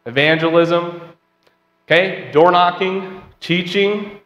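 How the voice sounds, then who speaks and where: A man's voice: high-pitched, takes it slowly, a bit bright, lo-fi sound. A man leading a church Bible class, chatting with the class, asking questions and reading scripture aloud. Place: church auditorium. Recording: roomy hall with long reverb.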